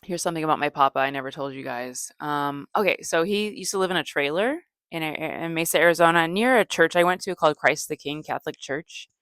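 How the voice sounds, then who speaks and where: A woman comedian hosting a podcast, telling stories in a deadpan, low-energy way, rambling with fillers and self-corrections. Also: brisk, hardly any pauses, no room sound, studio quality. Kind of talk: casual storytelling monologue.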